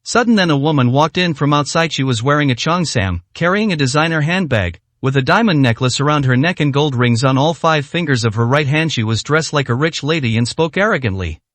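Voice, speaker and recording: A man reading a serialized drama with expressive, animated delivery. His voice sits a little high, and the recording is dry and close. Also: brisk, hardly any pauses, dry recording. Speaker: storyteller. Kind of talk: scripted narration.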